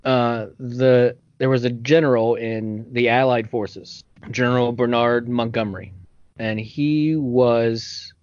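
A man's voice: mid-range voice, steady tone, slow, darkish tone, no echo, dull audio. An American man co-hosting a casual podcast, reading from notes and laughing as he stumbles over unfamiliar words. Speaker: podcast co-host.

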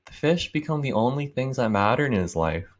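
Rambling young man with a lively voice. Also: medium pitch, a little fast. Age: 20s. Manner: rambling, swearing, laughing often. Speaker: book reviewer. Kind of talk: casual one-take monologue.

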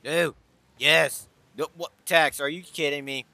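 Fairly high-pitched and creaky, this man's voice keeps a steady tone at a slightly slow pace, with no room sound. He's a gaming YouTuber doing playful Rocket League commentary, trash-talking and bossing teammates like a pretend team boss, full of hype and yelling.

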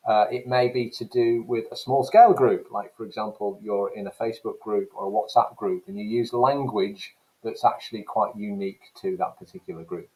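A lowish-voiced man teaching English language in a recorded lesson. He explains each term with steady emphasis and sometimes mimics regional accents as examples. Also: fairly quick, low-quality recording.

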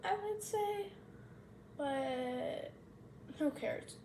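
A woman with a high voice talks slowly and chattily as she cooks, poking fun at herself and thinking out loud. Her home kitchen is filled with the steady roar of a fan. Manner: chatty, self-mocking, thinking aloud. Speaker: home cooking vlogger. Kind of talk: casual cooking tutorial chat. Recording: kitchen fan noise behind.

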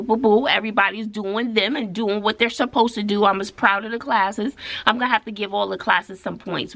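A woman's voice: mid-range voice, gravelly. A middle-aged woman, a schoolteacher, telling a story in a casual, sassy and emphatic way. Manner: animated, sassy, emphatic, tosses in "honey" and "child". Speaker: vlogger and schoolteacher.

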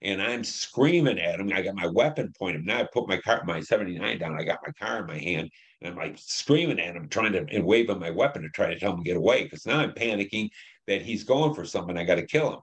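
Older man, deep voice, blunt and profane, telling war stories in an interview. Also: animated, fast. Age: 70s. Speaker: Vietnam veteran interviewee. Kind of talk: recounting war memories.

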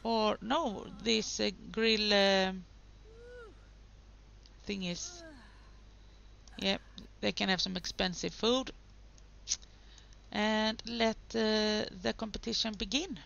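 A woman's voice: medium pitch, takes it slowly, vocal fry, long pauses, a bit bright, lo-fi sound. A woman hosting a gaming video, giving casual commentary and chatting to the game characters.

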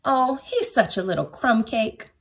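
A woman's voice: on the high side, animated, measured pace, slight background noise. Woman doing Mama Junebug, a fond mother cat.

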